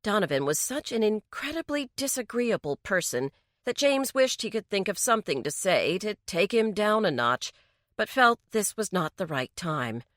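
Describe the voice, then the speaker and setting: A woman narrating a mystery story in a slow, even storytelling delivery. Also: mid-range voice, dry recording, clean studio sound. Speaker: audiobook narrator. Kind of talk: scripted narration.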